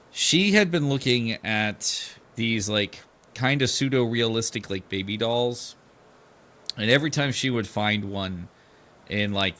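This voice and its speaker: A middle-aged man, a podcast host, telling a family story casually, animated and swearing freely as he acts out the quoted voices. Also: on the low side.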